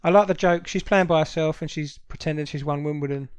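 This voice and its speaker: Brief: fairly high-pitched South London guy, talkative, swears casually, very dry mic. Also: steady tone, fast, smooth, no room sound. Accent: South London English. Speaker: podcast co-host. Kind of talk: casual chat.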